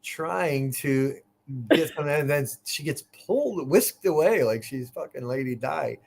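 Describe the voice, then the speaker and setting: A man's voice: on the high side, animated, unhurried, gravelly. A man co-hosting a live online show, chatting casually in a joking, teasing way. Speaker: co-host. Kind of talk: casual live-stream chat.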